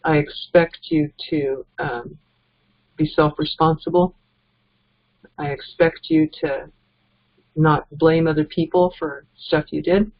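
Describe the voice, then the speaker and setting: A woman's voice: sits low, steady tone, slow pace, pauses often. A woman giving a casual, earnest motivational training talk as a network marketing trainer, chuckling between points. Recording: dull lo-fi recording.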